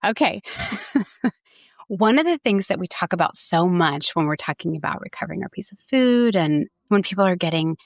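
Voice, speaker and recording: Middle-aged woman guest, animated storyteller, quick laughs, dry close sound. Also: lowish voice, gravelly, no room sound. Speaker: registered dietitian guest. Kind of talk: podcast interview conversation.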